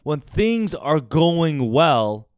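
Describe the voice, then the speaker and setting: A man's voice: fairly high pitch, sing-song, extremely slow, clean tone, no room sound, studio quality. A young man from the United States hosting a casual podcast monologue, talking candidly and confessionally and swearing often. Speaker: podcast host.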